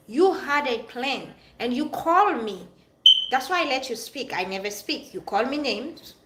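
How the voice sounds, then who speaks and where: Woman, higher voice, direct personal vlog rant, echoey room. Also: fairly bright tone. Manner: direct, addresses an absent friend. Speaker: vlogger. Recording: echoey room with faint noise.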